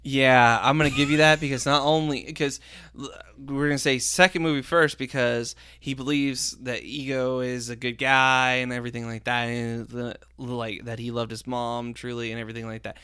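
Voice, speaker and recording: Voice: medium pitch, little pitch movement, moderate pace, a bit bright, clean tone, dry recording, clean studio sound. Upbeat podcast host running a countdown. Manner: upbeat, runs the list, rambles in restarts. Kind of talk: casual chat.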